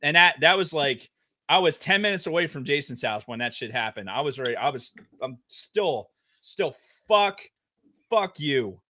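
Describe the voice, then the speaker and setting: Angry podcast co-host, non-stop profane rant, high and lively delivery. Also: male voice, normal speed. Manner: heated, profanity-laden ranting. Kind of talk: casual podcast chat.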